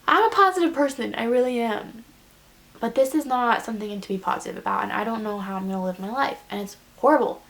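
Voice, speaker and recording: A woman's voice: medium pitch, quick pace. A young woman vlogging a casual confession, rambling and self-deprecating, close to tears. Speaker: beauty vlogger.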